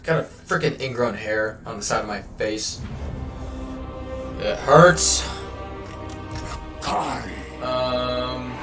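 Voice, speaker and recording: Over his gameplay, a male streamer with a medium-pitched voice talks slowly and loosely, rambling and swearing in casual live chat. He sounds a bit distant from the mic in a roomy space, and game music is clearly audible behind him.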